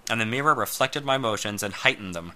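A man reading a first-person story aloud in a slow, measured way, sometimes dropping to a hush. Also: lowish voice, expressive. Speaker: narrator.

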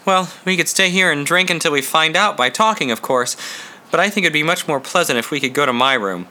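A frantic, guilt-torn young man who pleads and breaks into desperate shouts, as a male narrator puts him on. The voice is very bright and sharp-edged, and the tone is pitched a little above the reader's plain telling. It belongs to a spoken storybook. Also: lively intonation, brisk. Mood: eager, charming.

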